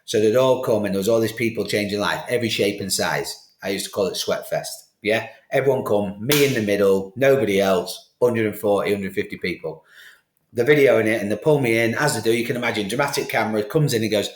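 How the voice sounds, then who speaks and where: A man's voice: fairly low pitch, fairly quick. A middle-aged man, a podcast guest, telling his life story candidly and acting out the conversations he recalls. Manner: animated, acts out quoted exchanges. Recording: roomy studio echo.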